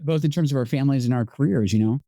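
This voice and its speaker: A middle-aged man from Scotland hosting a podcast interview, thoughtful and self-deprecating in a relaxed conversational way. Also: mid-range voice, rapid-fire, no room sound. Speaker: podcast host.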